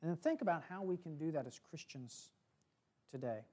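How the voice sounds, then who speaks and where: A man preaching a sermon, telling a story and reading scripture in a slow, measured way with soft, dropping phrase ends. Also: a little high, expressive.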